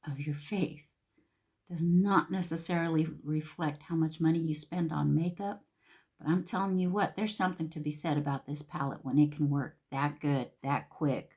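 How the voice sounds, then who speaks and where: A woman talks her way through a makeup look in a relaxed, chatty tutorial. Her voice sits a little low for a woman, and she often drops to a near whisper mid-thought before coming back up. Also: moderate pace, breathy edge. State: a little out of breath. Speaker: makeup vlogger. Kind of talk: casual makeup tutorial chat.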